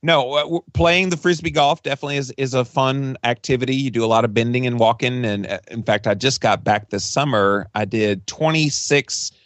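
Man, podcast guest, chatty and rambling, mid-pitched, dry close recording. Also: fairly quick, hardly any pauses, fairly bright tone, dry recording. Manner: chatty, rambling with frequent restarts and laughs. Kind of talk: casual interview answers.

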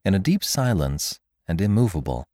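A man with a deep, low voice narrates a classic tale in scripted audiobook style. His reading is expressive, with lively rises and falls in pitch. The sound is close and dry. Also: no room sound. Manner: expressive, measured storytelling. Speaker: podcast narrator.

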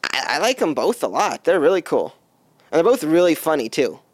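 A man's voice: a little high, big pitch swings, brisk, no room sound. A man being interviewed as an actor guest, answering in an eager, chatty, rambling way.

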